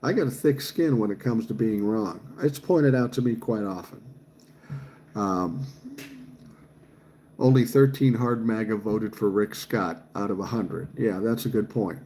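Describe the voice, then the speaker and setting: A man's voice: on the low side, unhurried, dark tone, slight background noise. A man, chatting casually on a livestream and reading viewer comments aloud, swearing freely. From Minnesota, USA. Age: 60s. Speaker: livestream host reading chat.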